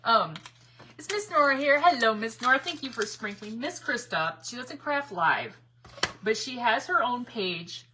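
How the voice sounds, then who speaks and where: Bubbly, animated woman livestreaming crafts. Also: fairly high pitch, a little slow, noisy background. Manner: bubbly, laughs often, self-correcting rambles. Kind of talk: chatty live crafting demo, greeting viewers.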